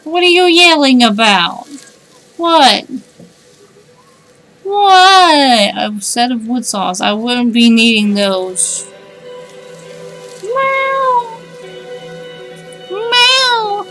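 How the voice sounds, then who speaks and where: A woman streamer with a slightly high voice talks through a game in a loose, wry way, muttering thoughts and reading text aloud. Faint game music sits quietly under her voice. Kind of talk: casual let's-play commentary.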